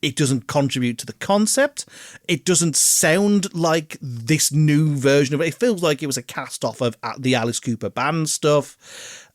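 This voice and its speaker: A man, co-hosting a casual album review podcast, animated, swearing freely and laughing often. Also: fairly high pitch, unhurried, no room sound, studio quality. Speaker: podcast co-host.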